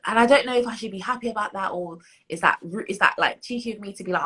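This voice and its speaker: A woman's voice: medium pitch, fast talker, bright, forceful tone, slightly rough, poor audio. A woman in her twenties with a British accent, talking reflectively as a guest in an interview, with many fillers and restarts. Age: 20s. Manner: reflective, many fillers and restarts, laughs as she tells stories. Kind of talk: interview conversation.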